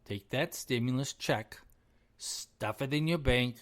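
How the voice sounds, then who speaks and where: A man's voice: medium pitch, slow pace. Emphatic middle-aged man ranting on a podcast. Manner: emphatic, repetitive ranting with chuckles. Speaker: podcast host. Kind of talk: solo opinion podcast rant.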